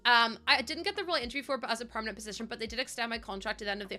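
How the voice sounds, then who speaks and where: A woman streamer chatting casually with her live chat, excitable and talkative, laughing often. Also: fairly high pitch, very fast, hardly any pauses, faint music behind.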